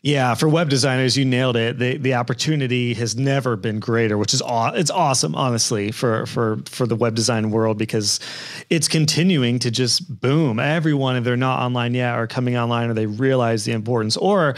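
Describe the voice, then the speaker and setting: A man's voice: medium pitch, fairly quick. A man hosting a podcast interview, talking casually and thinking aloud with frequent restarts. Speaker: podcast host.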